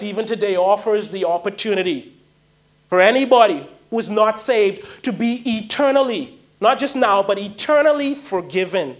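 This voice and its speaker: High-voiced man preaching a pleading sermon. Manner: pleading, emphatic preaching with repeated phrases.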